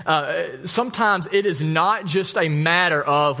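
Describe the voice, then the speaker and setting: A male pastor preaching a sermon, telling a story with lively asides and jokes. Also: on the high side, a little slow, creaky. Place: church.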